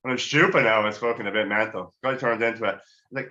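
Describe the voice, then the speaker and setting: A man's voice: fairly low pitch, fast, sharp tone, highs cut off. A middle-aged man doing a crude, rambling, self-mocking stand-up routine. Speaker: stand-up comedian.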